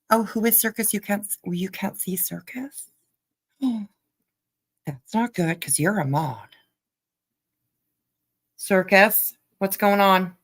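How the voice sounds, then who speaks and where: A woman's voice: medium pitch, takes it slowly, long pauses, no echo. A woman hosting a livestream, chatting casually with her viewers and reading their comments. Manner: chatty, laughing, talks to chat while eating. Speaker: livestream host.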